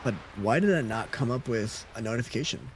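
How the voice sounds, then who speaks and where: A man's voice: mid-range voice, animated, a little fast, a little hiss or hum. Laid-back male gaming streamer. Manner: laid-back, chuckling, reads out chat messages. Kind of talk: casual live-stream chat while gaming.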